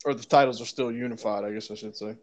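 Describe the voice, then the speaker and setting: A man's voice: medium pitch, steady tone, fast talker. A man in casual chat about wrestling, laid-back and swearing casually.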